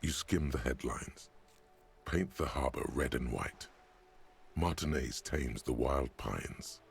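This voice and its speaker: A man voicing a wry, deadpan narrator in a detective video game, with a dry, sardonic delivery. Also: a bass voice, slow, gravelly, faint music behind, full character voice.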